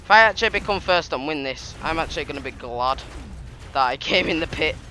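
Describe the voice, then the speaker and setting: A man giving excitable, trash-talking commentary over his gameplay, laughing often. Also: on the high side, fairly quick, a little hiss or hum. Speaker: gaming YouTuber.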